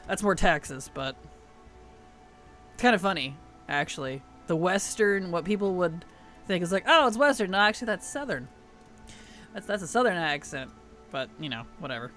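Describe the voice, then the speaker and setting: A man's voice: high voice, animated, moderate pace, pauses often, a bit bright, soft background music. A man streaming a game, chatting casually, laughing often and greeting his chat as he plays. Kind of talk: casual gaming livestream chat.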